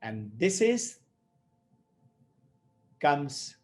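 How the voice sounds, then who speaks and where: Slow, high-voiced male spiritual teacher. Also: sing-song, faint music behind. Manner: storytelling, acts out quoted speakers. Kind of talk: explanatory talk on scripture.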